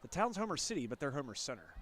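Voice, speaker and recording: A man with a stuffy nose and nasal voice calling high school football play-by-play, getting louder on big plays. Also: fast talker, a little hiss or hum. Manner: energetic play calls, rising on big plays. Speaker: play-by-play announcer.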